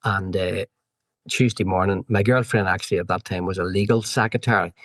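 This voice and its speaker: Northern irish guy, low voice, chatty storytelling, dry close mic. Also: fairly quick, no echo. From Northern Ireland. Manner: animated anecdotes with quoted dialogue. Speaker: guest, former road racer. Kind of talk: storytelling in a podcast interview.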